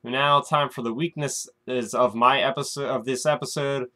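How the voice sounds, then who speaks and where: Guy doing his weekly recap vlog, loose and chatty, talking right to the viewers, normal mid pitch. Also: fairly even intonation, normal speed, bright, forceful tone. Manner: chatty, speculative, keeps calling viewers "guys". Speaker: show recap host. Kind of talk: casual chat to the camera.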